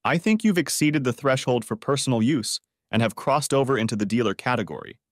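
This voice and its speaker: A stern plainclothes detective, played by the male narrator, laying out consequences in a firm, matter-of-fact manner. The voice moves lively in pitch over a dry, close recording. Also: fairly quick, dry recording, natural voice.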